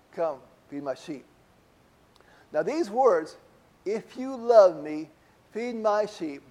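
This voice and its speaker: A man's voice: high-pitched, a little mellow. A middle-aged man preaching a conversational sermon to a congregation, asking rhetorical questions as he talks. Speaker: pastor.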